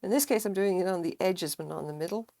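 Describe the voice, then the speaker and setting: Low, gravelly-voiced woman chatting while crocheting. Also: quick pace, warm tone, no echo, studio quality. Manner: chatty, swears casually, mutters pattern notes to herself. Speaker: crochet livestreamer. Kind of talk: casual live-stream chat while crocheting.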